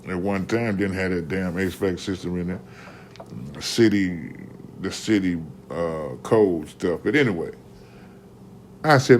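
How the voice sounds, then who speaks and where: A man telling a casual story in an animated, slangy way, often restarting mid-sentence and tossing in "man.". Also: sits low, measured pace, pauses often, slight background noise.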